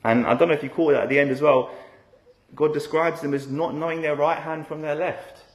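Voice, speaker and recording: A man's voice: on the high side, steady tone, fairly quick, roomy sound. A man preaching an expository sermon in a conversational way, often tagging rhetorical questions onto his points.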